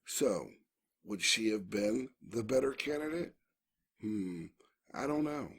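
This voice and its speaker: A man hosting and narrating his own show, delivering sarcastic political commentary with mocking rhetorical questions. He swings between loud outbursts and low asides. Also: expressive, slow, slightly rough.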